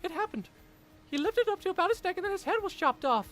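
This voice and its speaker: A man's voice: very high voice, big pitch swings, fast, a bit bright, faint music behind, voice pushed up, exaggerated voice. A man voicing a shaken young woman who survived an island curse, reading visual-novel dialogue in an earnest, urgent way.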